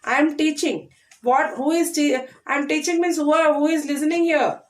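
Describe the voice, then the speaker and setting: A woman's voice: sits high, steady tone, normal speed, far from the mic. A woman teaching a grammar lesson to young children, repeating key phrases and answering her own questions. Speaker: primary school English teacher.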